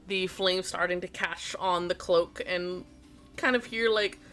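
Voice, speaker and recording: Bright-voiced woman game master. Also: fairly low pitch, steady tone, a little slow, faint music behind. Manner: rambling, many fillers and apologies. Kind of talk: narrating a tabletop game.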